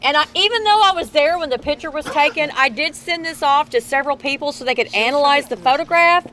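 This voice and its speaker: A woman's voice: high-pitched, quick pace, pushed and bright, poor audio. A middle-aged woman with a Southern Texas accent, a tour guide telling ghost stories to a crowd outdoors in a chatty, folksy way, recorded on a tour member's camera. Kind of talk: storytelling tour talk to a crowd. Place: outdoors on a town street tour at night. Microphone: camera held by a tour member.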